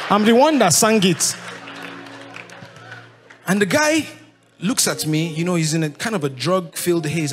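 A man with a Nigerian accent in his thirties, telling his life story to an audience in lively, animated storytelling. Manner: lively, acts out voices of others with big pitch jumps, laughs while telling.

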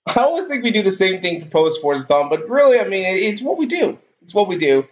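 Rambling game streamer, raised voice. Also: male voice, sits high, big pitch swings, fast, reverberant. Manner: rambling, easygoing, repeats himself. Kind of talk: live game stream commentary. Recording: dull lo-fi stream audio.

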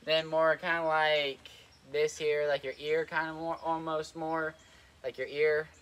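A man's voice: a little high, flat delivery, unhurried, a bit bright, a little hiss or hum. A young man giving casual trampoline tips, rambling with lots of fillers and a little out of breath. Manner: rambling, lots of "like" and "kinda", repeats himself. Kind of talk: casual instructional vlog. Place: outdoors on a trampoline.

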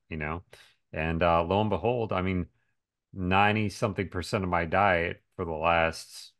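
A man's voice: sits low, creaky, fairly bright tone. A man in casual podcast conversation, talking emphatically and asking rhetorical questions. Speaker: podcast speaker on diet and health.

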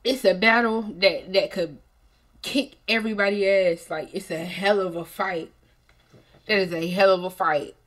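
A young woman hosting a music reaction video, talking casually in a rambling, animated way with lots of "like" and restarts. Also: medium pitch, normal speed.

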